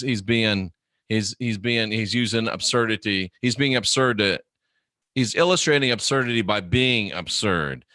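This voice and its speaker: A man's voice: mid-range voice, sharp tone, dry recording, studio quality. Profane, joking man hosting a live chat. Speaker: livestream host reading chat.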